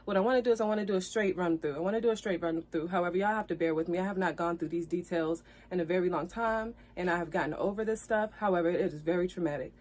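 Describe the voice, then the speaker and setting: A woman's voice: fairly low pitch, fast, hardly any pauses, darkish tone. Woman vlogger, emotional storytime: earnest, apologetic, repetitive, building to heated indignation, on the edge of tears. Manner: earnest, apologetic, repeats herself, grows heated. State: tearful at times. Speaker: vlogger telling her side of a breakup.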